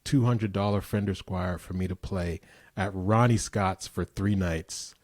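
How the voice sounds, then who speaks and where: Middle aged guy w a low voice, laid back, tells stories and laughs easy. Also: unhurried, no room sound, clean studio sound. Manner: relaxed anecdotal storyteller, easy laughter. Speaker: guest musician. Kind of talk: casual interview chat.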